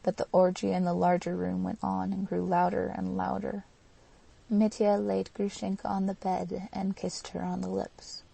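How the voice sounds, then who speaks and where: A woman narrating an audiobook in a steady, even reading. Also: medium pitch, normal speed, vocal fry. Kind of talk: scripted narration.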